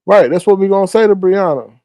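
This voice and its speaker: Male livestream host, high voice, dark tone, dry close sound, emphatic and repetitive. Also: fast, no room sound. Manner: emphatic, repetitive, sassy asides. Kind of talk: casual livestream commentary.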